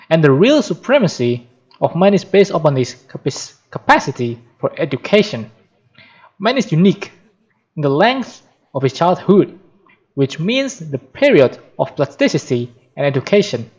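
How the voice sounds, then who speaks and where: A man's voice: on the high side, sing-song, moderate pace, a little mellow, husky. A man, a native Spanish speaker, reading a book aloud for practice, carefully, with occasional slips and restarts. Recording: dull lo-fi sound.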